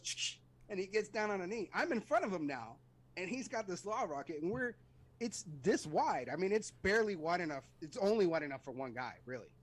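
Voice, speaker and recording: A middle-aged man, an Army veteran, telling stories as a guest in a casual interview and acting out voices and sounds. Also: a little high. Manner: animated, acts out voices and sounds in his stories. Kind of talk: casual storytelling in a podcast interview.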